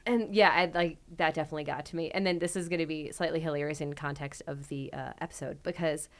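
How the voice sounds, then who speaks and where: A woman guest on a casual podcast panel, talking in an animated way. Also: sits low, quick pace.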